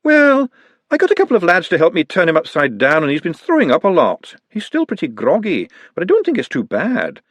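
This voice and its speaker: A man's voice: on the high side, wildly swooping pitch, a little fast, no echo, voice pushed up. A man voicing a matter-of-fact male doctor who talks in a cheerful, offhand way, in an audiobook reading.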